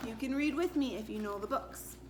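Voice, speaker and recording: A woman's voice: on the high side, brisk, reverberant, background noise. A woman reading picture books aloud to preschool children in a sing-song, playful way. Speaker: preschool story-time reader.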